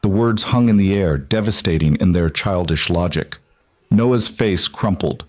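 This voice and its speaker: Man reading a sad family story, lowish voice, dry close sound. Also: measured pace, dry recording. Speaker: narrator. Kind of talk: scripted narration.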